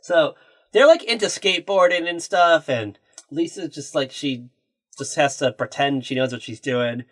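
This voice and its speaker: A man's voice: a little high, moderate pace. A man co-hosting a podcast, chatting casually as he recaps a TV episode and acts out the characters' lines. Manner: animated, acts out quoted lines in put-on voices. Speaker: podcast co-host.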